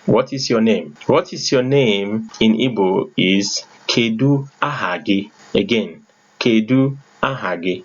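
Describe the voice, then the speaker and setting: Nigerian man teaching with a deep voice. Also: dull audio. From Enugu State, Nigeria. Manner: repeats phrases slowly, stressing the tones. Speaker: language teacher. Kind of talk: spoken language lesson.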